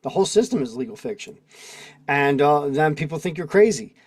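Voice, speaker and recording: A man with a fairly high-pitched voice hosts a casual livestream over a video call microphone. He preaches in strings of rhetorical questions. He breaks off to read and answer comments from his chat. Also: animated, brisk, darkish tone. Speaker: livestream host.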